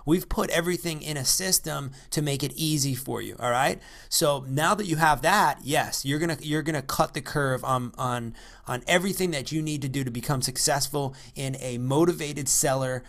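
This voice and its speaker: A man giving an unscripted coaching talk into a microphone, energetic and repetitive, often checking in with "all right?". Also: mid-range voice, gravelly. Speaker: real estate investing coach. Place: by the ocean.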